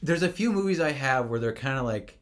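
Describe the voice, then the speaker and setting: A man's voice: mid-range voice, animated, brisk. A young man co-hosting a podcast in casual chat, rambling and stammering through restarts as he recaps a movie. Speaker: podcast co-host.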